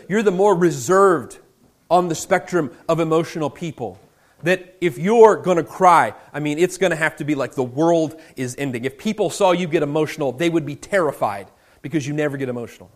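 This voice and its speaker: Man, pastor, sermon, slightly raised pitch, expressive pacing, hushed emphasis, casual asides. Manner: expressive preaching, slows for emphasis, drops to a hush on key words; conversational asides with restarts.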